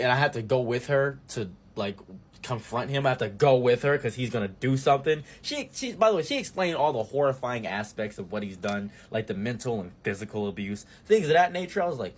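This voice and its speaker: A young man tells a story from his own life with a husky, slightly breathy voice. He talks casually and jumps from sudden loud bursts to quiet mumbled asides. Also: mid-range voice, expressive, brisk. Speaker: streamer. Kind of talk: storytime commentary.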